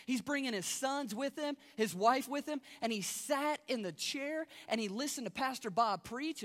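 A man from Kentucky giving his testimony in a storytelling style, swinging between loud, excited stretches and quiet, low ones. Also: long reverb tail. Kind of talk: testimony sermon.

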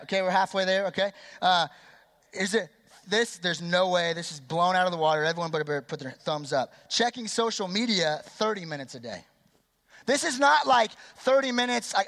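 High-voiced young pastor in a reverberant hall. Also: male voice. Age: 20s. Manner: energetic, chatty, quizzes and polls the crowd. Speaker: youth pastor. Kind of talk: youth sermon.

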